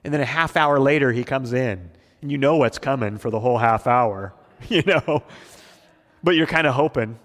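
Slow-talking pastor man, chuckling often. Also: mid-range voice, a bit bright, in a large hall. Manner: folksy storytelling with frequent chuckles. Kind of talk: verse-by-verse Bible teaching.

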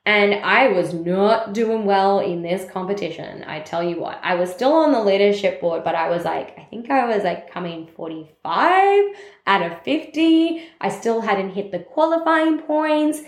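A woman's voice: mid-range voice, animated, a little slow. A young adult woman who leads a network marketing team, talking openly and reflectively about her setbacks in a confessional, self-help way, with plenty of "like" fillers. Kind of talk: personal reflective monologue. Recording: roomy echo.

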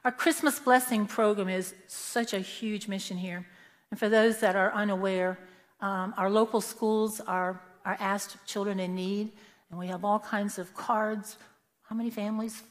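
A woman's voice: medium pitch, fairly even intonation, normal speed. A woman speaks to a church congregation in an earnest storytelling manner, now and then acting out the people she describes. Her mid-range voice rings with a long, hall-like reverb from the sanctuary. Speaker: church member giving a testimony. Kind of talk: prepared church talk with personal stories.

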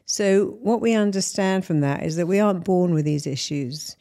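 A woman's voice: on the low side, moderate pace, mellow. A middle-aged woman therapist answering interview questions, explaining her method through examples and analogies. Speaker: therapist and hypnotist guest.

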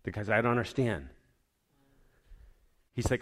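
A man's voice: deep voice, moderate pace, pauses often. A man giving a personal testimony to his church, telling a story in a rambling, heartfelt way.

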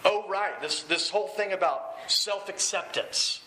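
A man's voice: sits high, measured pace, sharp tone. A man voicing a bitter, self-loathing young drug dealer who lashes out sarcastically in a recovery meeting. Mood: anguished. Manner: sarcastic, confrontational outbursts. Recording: echoey room with faint hiss.

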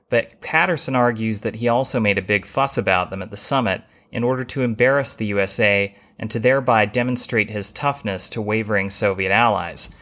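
A man hosting a history podcast, reading a scripted narration in a measured way, with the odd wry aside. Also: fairly low pitch, sharp tone.

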